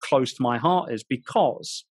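A British man in his forties, an author guest telling animated stories in an interview, often restarting his sentences. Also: mid-range voice, measured pace, breathy edge, no echo, studio quality. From England. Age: 40s. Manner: animated storyteller, frequent restarts. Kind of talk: storytelling interview chat.

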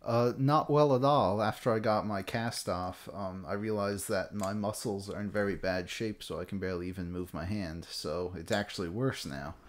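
A man co-hosting a podcast over a call, talking with deadpan, wry humor. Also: fairly low pitch, moderate pace, few pauses. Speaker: podcast co-host. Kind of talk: casual chat. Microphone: video call.

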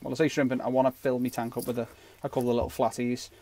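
A man's voice: medium pitch, little pitch movement, very fast, mellow. A man giving a casual, rambling fishing knot tutorial with jokey asides. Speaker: fishing channel host.

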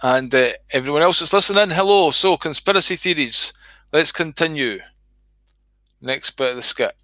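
Scottish guy reading his comedy skit, sweary and chatty, bright and a bit high, dry close sound. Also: normal speed, no room sound. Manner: sweary, chatty, addresses viewers.

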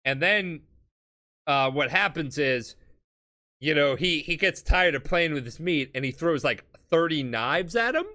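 A man's voice: on the high side, lively intonation, pushed and bright. A drunk man on a comedy podcast, loosely recapping an anime plot in a rambling, sweary way and briefly acting out the characters' lines. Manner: loose, sweary, acts out characters in quick snippets.

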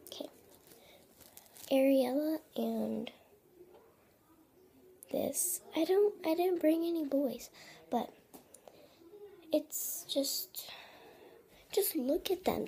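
A young woman chats through a casual show-and-tell vlog indoors, her voice often slipping into a soft whisper. Her tone is mellow and a little gravelly at the bottom, sitting somewhat high. She rambles hesitantly, as if a bit self-conscious. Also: a little hiss or hum. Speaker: vlogger. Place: grandmother's house, indoors.

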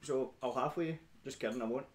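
A man's voice: medium pitch, fast talker. Rowdy sweary Scottish young man. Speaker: stream host. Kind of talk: casual chat.

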